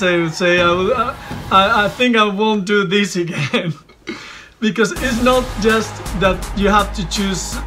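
A man serving as a competition judge, speaking haltingly with light laughs before an announcement. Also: sits high, pushed and bright, faint music behind. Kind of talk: announcement speech.

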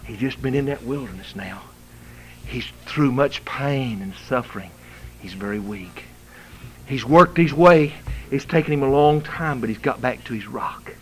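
A male pastor preaching a fiery revival sermon in a church, swinging from shouting to hushed whispers, with a Southern US accent. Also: medium pitch, moderate pace, slight background noise, poor audio. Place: church sanctuary.

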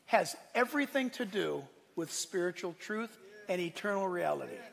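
A male pastor preaching a sermon, swinging between loud, emphatic declarations and quiet asides. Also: sits high, expressive, normal speed, vocal fry. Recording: long hall reverb.

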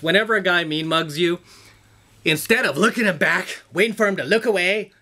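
A man's voice: a little high, a bit bright. A man giving a blunt, profane motivational talk to camera, lecturing his viewers over and over. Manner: emphatic, repetitive, blunt and profane; lecturing, calls the audience "guys". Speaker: self-improvement vlogger.

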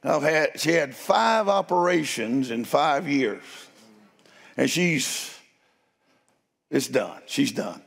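An older man, preaching a sermon and telling stories in a folksy, playful way, with a gravelly, husky voice. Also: a little high, animated, takes it slowly, pauses often, fairly bright tone. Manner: folksy, playful, addresses crowd as y'all. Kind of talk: sermon storytelling. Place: church sanctuary. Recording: long hall reverb.

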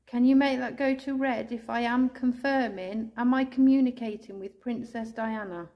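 An English woman ghost hunter calling out to spirits indoors, speaking slowly and tenderly, sometimes tearful, recorded on a handheld camera. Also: a little high, fairly even intonation, highs cut off. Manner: soft, pleading, slow and tender, calling out with endearments. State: tearful at times.

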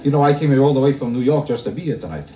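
A male stand-up comedian working a live crowd in a roomy club, heard a little off the mic. His pitch swings a lot as he kvetches in deadpan style and fires rhetorical questions at the audience. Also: rapid-fire, recorded from a distance. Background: audience laughter.

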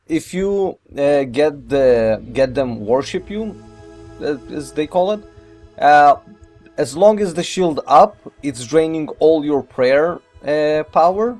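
A man doing gameplay commentary, rambling and excitable, with mild swearing and non-native English phrasing. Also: fairly high pitch, takes it slowly, faint music behind. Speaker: let's play gamer.

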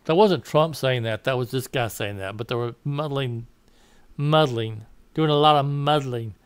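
Here a man with a Southern American accent speaks at medium pitch and normal speed, his voice smooth with no echo. As a political commentator, he wanders through an opinion monologue, correcting himself often and laughing at his asides.

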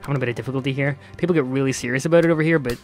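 A man's voice: mid-range voice, racing, faint music behind. A man with a Northern Irish accent co-hosting a let's play, teasing and playfully mock-commentating the action. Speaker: co-host gamer.

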